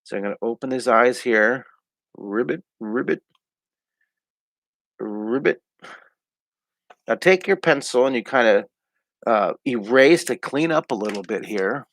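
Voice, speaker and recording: A man's voice: medium pitch, expressive, normal speed, a bit bright, no echo. Upbeat middle-aged man teaching drawing. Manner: upbeat, chatty, talks through each pencil stroke. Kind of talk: live online drawing lesson. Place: at home.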